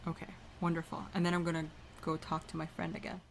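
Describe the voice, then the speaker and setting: Low-voiced woman playing a tabletop game. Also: monotone, quick pace, creaky, slight background noise. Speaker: player. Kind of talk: tabletop role-play.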